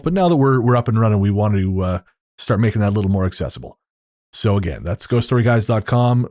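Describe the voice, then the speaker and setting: A man hosting a podcast, talking in a relaxed, easygoing way and reading out plugs and credits. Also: on the low side, no room sound, studio quality. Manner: relaxed, laughs easily. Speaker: podcast host. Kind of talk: casual podcast outro and banter.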